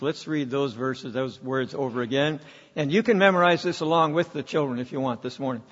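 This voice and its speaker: A pastor with a mid-range, fairly bright voice speaks a little fast as he delivers a sermon in a church sanctuary, weaving in stories and guiding the congregation through reading aloud. Long hall reverb hangs over the dull, lo-fi audio.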